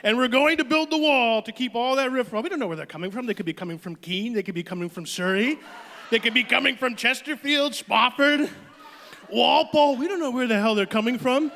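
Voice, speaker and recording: A man's voice: very high voice, expressive, brisk, sharp tone, voice pushed up, full character voice. A man doing a blustering boastful politician. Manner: bragging, repetitive catchphrases. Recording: long hall reverb.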